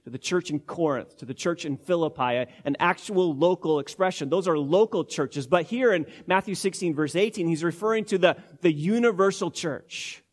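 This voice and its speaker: A man's voice: on the high side, moderate pace, hardly any pauses. A man preaching an expository sermon as pastor, teaching emphatically word by word with frequent repetitions.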